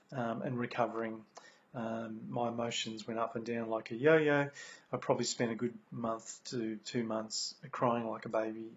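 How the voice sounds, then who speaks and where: An Australian man giving a motivational talk about lessons from his recovery, earnest, repeating key phrases, with many ums. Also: medium pitch. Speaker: speaker sharing recovery lessons. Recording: dull lo-fi recording.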